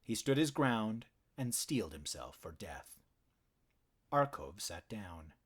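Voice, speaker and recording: Male audiobook narrator, low husky voice, slow and expressive. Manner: low, measured, dramatic storytelling.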